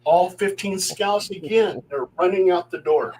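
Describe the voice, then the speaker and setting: A middle-aged man, a paranormal investigator, telling true ghost stories in an animated way, acting out the voices he quotes. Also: high voice, measured pace, husky, poor audio. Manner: animated, acts out quoted voices, chuckles as he talks. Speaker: paranormal investigator and guest storyteller.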